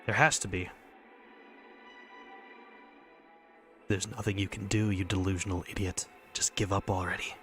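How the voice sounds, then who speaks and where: A man's voice: low voice, level tone, brisk, fairly bright tone, faint music behind. A man reading a visual novel, voicing a stubborn young girl's intense first-person inner monologue. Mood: furious. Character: Michelle, furious stubborn young girl.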